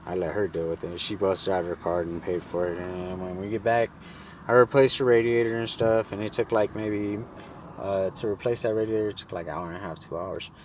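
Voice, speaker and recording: A man's voice: sits low, fairly even intonation, a little fast, a little hiss or hum. A man vlogger casually telling a story in a laid-back, slangy, profane way.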